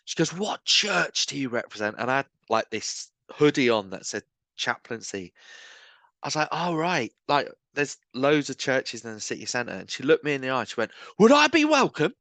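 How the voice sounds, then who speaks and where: Street evangelist guest. Mid-pitched, dry close sound, animated storyteller. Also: male voice, moderate pace, no room sound. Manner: animated, acts out quoted voices, earnest. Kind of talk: storytelling conversation.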